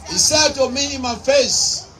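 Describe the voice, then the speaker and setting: A man with a Liberian English accent giving a political rally speech, shouting and repeating his points rhetorically. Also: very high-pitched, fairly even intonation, a little slow. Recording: distant mic with crowd and noise.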